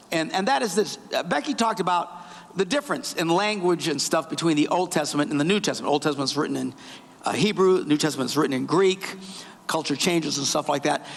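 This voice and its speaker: A man preaching a sermon as pastor in a church, telling a story in an animated way and acting out its voices. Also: high voice, creaky. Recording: reverberant church hall.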